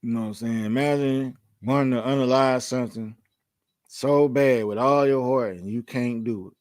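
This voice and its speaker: A man's voice: mid-range voice, moderate pace, darkish tone, dry recording. Man reading scripture in a dry, close voice. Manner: earnest, plain, quotes the Bible. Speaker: class leader reading scripture.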